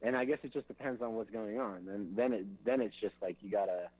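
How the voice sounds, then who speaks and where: A drummer being interviewed speaks fairly quickly in a fairly low, slightly mellow voice, and the recording is rough. His casual chat is loose and rambling, packed with "like" and "you know," and he occasionally mouths drum beats.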